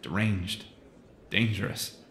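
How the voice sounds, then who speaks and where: A man playing a scarred young war veteran, speaking in a subdued, halting way. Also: fairly low pitch, fairly even intonation, fairly bright tone, echoey room. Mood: subdued, bitter.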